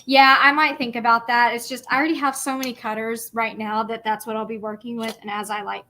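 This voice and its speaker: A woman's voice: fairly high pitch, flat delivery, a little fast, pushed and bright, slight background noise. A young woman chatting casually and bubbly on a craft livestream, rambling with many fillers.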